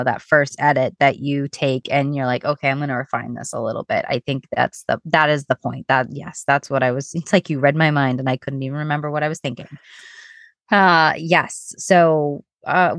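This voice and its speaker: Woman podcast co-host, deep voice, dry sound, talks in loose rambling stretches. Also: no echo. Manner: chatty, rambling, many restarts. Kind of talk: casual podcast chat.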